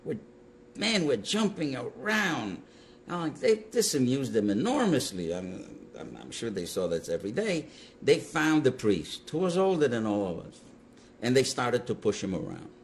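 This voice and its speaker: An older man, a Holocaust survivor, recounting his memories to an interviewer in emphatic, animated storytelling. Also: medium pitch, moderate pace, a little hiss or hum. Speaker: Holocaust survivor giving testimony.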